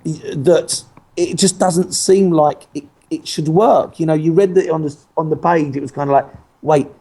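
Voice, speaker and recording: A man's voice: fairly high pitch, fairly even intonation, normal speed, warm tone, breathy edge. A man, an actor talking as a guest in a casual interview, who laughs often and keeps restarting his sentences in a playful way.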